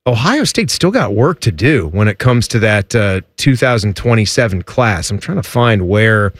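A man's voice: fairly low pitch, lively intonation, normal speed, dry recording, studio quality. A married man co-hosting a podcast, chatty and rambling in casual banter. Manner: rambling, chatty, trails off and restarts. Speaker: podcast co-host.

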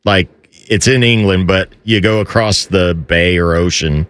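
A man co-hosting a podcast, chatting casually and cracking quick jokes. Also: low-pitched, fairly bright tone, smooth. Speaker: podcast co-host. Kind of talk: casual chat.

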